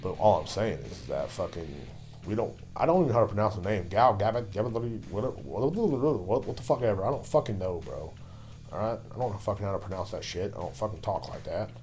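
A man with a lowish voice holds forth on his solo podcast, cursing in nearly every sentence and drifting from point to point between sips of beer. Soft guitar music plays faintly under him. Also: animated, quick pace. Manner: loose, swearing constantly, drinking beer while talking. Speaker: podcast host. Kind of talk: profane solo podcast rant.

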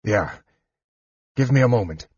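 A man voicing a big, weary male warrior in an audiobook, his lines gruff and strained. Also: on the low side, lively intonation, measured pace, darkish tone, no room sound, dull audio, full character voice.

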